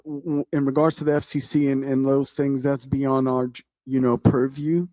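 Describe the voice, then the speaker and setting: A man chairing a city council meeting, calm and courteous with the speakers. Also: medium pitch, normal speed, no echo. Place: council chamber.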